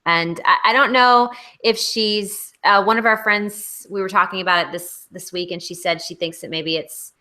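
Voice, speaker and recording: A woman's voice: mid-range voice, normal speed, few pauses, pushed and bright. A woman co-hosting a casual online hangout over a video call, critiquing bluntly and with emphasis. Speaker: co-host.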